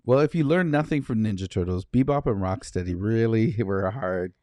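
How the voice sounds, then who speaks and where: A man's voice: lowish voice, brisk, darkish tone, no echo. Jokey man podcast co-host. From Canada. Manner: laughs often, jokey. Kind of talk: casual chat.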